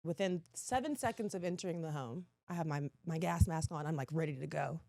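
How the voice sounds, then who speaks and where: Woman, 30s, podcast guest, lively storytelling, laughs often, lowish voice, dry close sound. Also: brisk, gravelly, no echo. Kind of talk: casual chat, animated storytelling.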